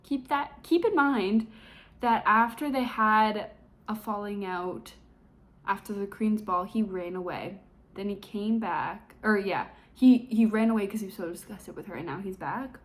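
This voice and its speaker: A woman's voice: medium pitch, a little slow. A young woman recapping a book for a vlog in a chatty, sarcastic way, full of fillers. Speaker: book reviewer.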